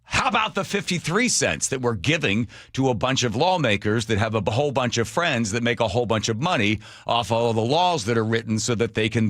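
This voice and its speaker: A male talk radio host in full opinionated rant, sarcastic and worked up. His voice leaps up and down in pitch as he presses his point. The studio sound is dry and close. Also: no room sound. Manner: animated, sarcastic, mock voices for imagined people.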